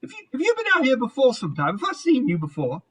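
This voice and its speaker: A man's voice: extremely high pitch, wildly swooping pitch, fast talker, a bit bright, husky, recorded from a distance, pitched above the performer's own voice, exaggerated voice. A man voicing a nosy, condescending woman shopkeeper who pries and mocks with a sweet tone. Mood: prying.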